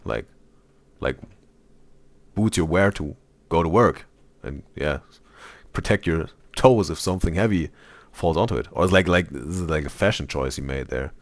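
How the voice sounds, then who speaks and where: Low-voiced male reaction host, halting and repetitive, dry sound. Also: no echo. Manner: halting, repeats words. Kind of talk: casual commentary.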